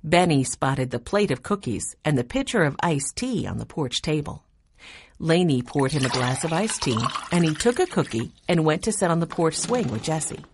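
A woman narrating a children's chapter book in an even storytelling voice. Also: deep voice, normal speed, husky. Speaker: audiobook narrator.

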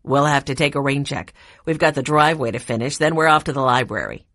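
A woman's voice: very deep voice, fast, a bit bright, dry recording, clean studio sound. Woman reading a friendly earnest teacher man.

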